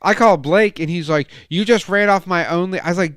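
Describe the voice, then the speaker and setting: A young man on a casual podcast, telling a heated story full of swearing and acting out quoted lines loudly. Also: normal speed, hardly any pauses, no room sound, studio quality. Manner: profane, animated storytelling, acts out quotes with loud raised pitch. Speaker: podcast co-host.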